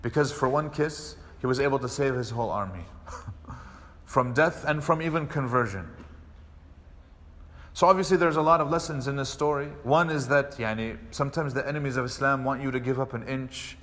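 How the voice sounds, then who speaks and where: A man, an imam, giving a mosque lecture, telling a story and acting out the quoted speech with lively delivery. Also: medium pitch, moderate pace. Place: mosque hall. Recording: long hall reverb.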